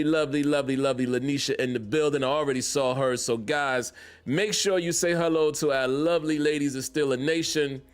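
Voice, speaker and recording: Guy doing a live sports podcast from his basement, laid back, voice a bit on the high side, keeps shouting out chat. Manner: casual, repetitive shout-outs to chat viewers. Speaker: podcast host. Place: home basement man cave.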